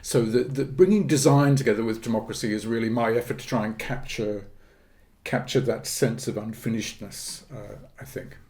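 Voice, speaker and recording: Gravelly, measured academic man. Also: mid-range voice, darkish tone. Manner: measured, academic, pauses with fillers and restarts. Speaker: guest, politics professor. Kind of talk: podcast interview.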